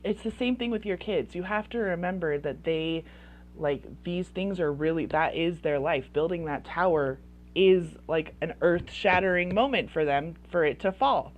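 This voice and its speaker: A woman's voice: fairly low pitch, normal speed. A woman coaching parents in casual advice talk, chatty and full of "like" fillers. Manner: chatty, heavy use of "like" fillers.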